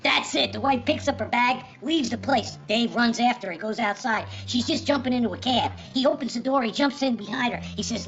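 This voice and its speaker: A woman telling a bawdy joke in lively storytelling, mimicking the voices. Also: a little high, a little fast, few pauses. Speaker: joke teller. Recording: dull film soundtrack with faint music.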